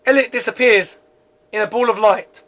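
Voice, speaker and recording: A man's voice: sits high, normal speed, fairly bright tone. A man reading aloud his own script as narrator, with frequent stumbles and restarts. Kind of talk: script read-through narration.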